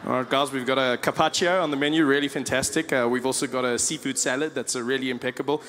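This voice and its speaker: A comedian voicing a polite young white waiter who hesitates with many uhs. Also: male voice, medium pitch, steady tone, quick pace, background noise, close to an everyday voice. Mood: courteous.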